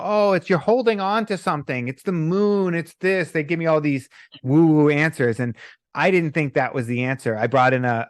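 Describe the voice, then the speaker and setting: A man's voice: on the high side, dry recording, studio quality. A middle-aged man, a breathwork coach in a podcast interview, telling stories and acting out the people in them. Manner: animated storytelling, acts out quoted people.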